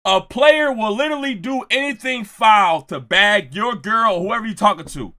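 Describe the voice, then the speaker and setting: A young man telling a story with jokes, acting out quotes and often shouting. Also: sits high, lively intonation, moderate pace. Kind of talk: animated storytelling.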